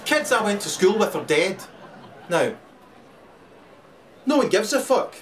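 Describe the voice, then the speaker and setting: Man, profane rant, laughing and shouting, high voice, distant mic, crowd noise. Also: sing-song, unhurried. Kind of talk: ranting monologue.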